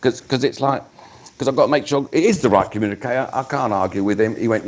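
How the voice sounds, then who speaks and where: A man's voice: mid-range voice, a little fast, dull audio. A man, working as a spiritualist medium at a live church service, talking in a chatty way and breaking off mid-sentence to address spirits. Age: 50s.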